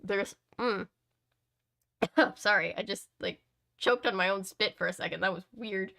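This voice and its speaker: A woman's voice: medium pitch, unhurried, vocal fry, pushed and bright. A young woman reading a novel aloud, breaking off for chatty, sarcastic asides and frequent ums.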